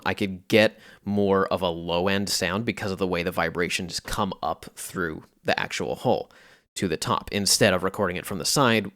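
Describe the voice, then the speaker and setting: A man casually explaining how he recorded and processed sounds for a music piece, in a relaxed way with a few fillers. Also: low-pitched, no echo, studio quality. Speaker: music producer. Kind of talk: casual tutorial narration.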